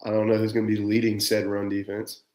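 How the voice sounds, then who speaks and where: A man's voice: lowish voice, monotone, quick pace, mellow. A man co-hosting a casual college football show, laid-back and dry. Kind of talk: casual sports chat. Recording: roomy echo.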